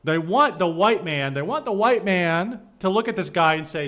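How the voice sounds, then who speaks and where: Animated, sarcastic male streamer. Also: high-pitched, normal speed, hardly any pauses. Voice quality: sarcastic, riffing delivery. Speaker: streamer reacting to a clip. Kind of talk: live-stream reaction commentary.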